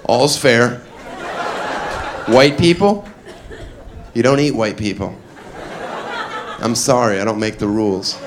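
A man performing a stand-up comedy set, mock-earnest and deadpan, with playful asides. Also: medium pitch, takes it slowly, long pauses, crowd noise. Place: comedy club stage with audience. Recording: live club, audience laughter and noise.

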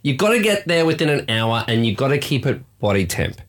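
A man's voice: mid-range voice, brisk, noisy background. A young adult man with an Australian accent, co-hosting a casual podcast and telling a story with lots of acted-out quotes. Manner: animated storytelling, acts out quoted voices. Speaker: podcast co-host. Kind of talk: casual chat.

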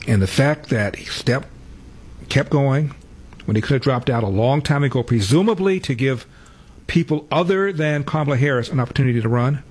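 Husky-voiced male talk radio host. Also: medium pitch, normal speed, a little mellow. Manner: blunt, sarcastic, mocking imitations.

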